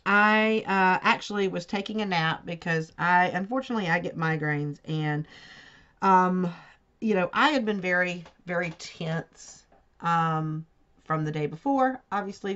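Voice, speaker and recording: While diamond painting, a woman who vlogs about crafting rambles through a story in casual chat, pausing to correct herself along the way. She has a fairly low, slightly bright voice, and the home recording sounds dull and lo-fi.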